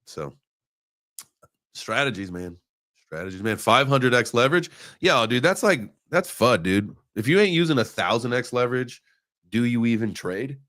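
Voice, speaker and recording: Hosting a live crypto trading stream, a man with a very animated, slightly bright mid-range voice talks at normal speed in casual market chat. He jokes sarcastically, calls out chat viewers by name, and rambles through the charts with plenty of fillers.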